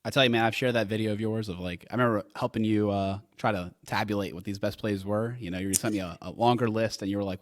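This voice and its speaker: A man's voice: fairly low pitch, fairly even intonation, fast, dry recording, clean studio sound. A man co-hosting a casual sports talk show, speaking in an enthusiastic, rambling way. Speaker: co-host.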